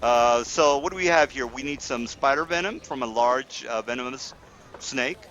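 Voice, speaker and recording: A man voicing a shrewd middle-aged merchant's wife in a tabletop game, speaking haltingly with many fillers. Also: mid-range voice, fairly bright tone, lo-fi sound, a little hiss or hum, close to an everyday voice. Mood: businesslike.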